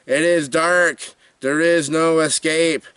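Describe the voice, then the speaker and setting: A man voicing a spaced-out male caretaker of a lonely desert house, speaking slowly and flatly with repeated lines. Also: on the high side, clean tone, dry recording. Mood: droning.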